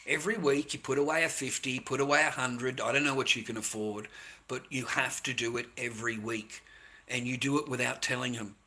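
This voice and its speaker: A man's voice: medium pitch, sharp tone. An Australian man giving a ranting advice monologue to other men, repeating himself, calling them mate and boys, swearing freely. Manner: repetitive, lecturing, addresses listeners as mates, swears. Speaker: vlogger.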